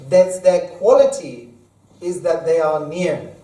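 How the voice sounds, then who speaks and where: Speaking slowly in a fairly high, dark voice, a man leads Friday prayers as imam, reciting Arabic verses and putting them into plain language. The mosque hall echoes, and the microphone sits some distance away.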